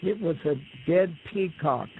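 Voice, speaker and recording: A man with a high, gravelly voice tells folk tales in an unhurried, plain-spoken way. His voice comes through a thin, phone-like line with a faint hiss behind it. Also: animated. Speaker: guest storyteller.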